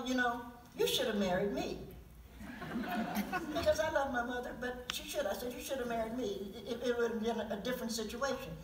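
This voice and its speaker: Heard from a distant mic in a roomy auditorium with slight background noise, a poet in her seventies speaks at medium pitch. At this public event she shares stories and reads poetry, speaking candidly and laughing softly in asides.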